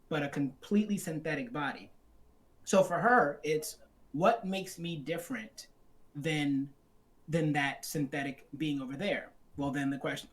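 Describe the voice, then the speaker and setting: A man co-hosting a live film discussion stream, laying out ideas at length while he is losing his voice. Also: a little high. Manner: thoughtful, explains ideas at length. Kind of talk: casual live-stream chat.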